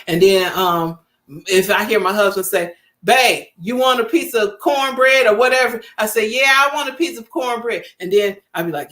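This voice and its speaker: Woman, 50s, vlogger storytelling, emphatic, repeats herself, mid-pitched. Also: fairly bright tone. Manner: chatty, emphatic, repeats points, acts out quoted family voices. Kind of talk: casual storytelling to camera.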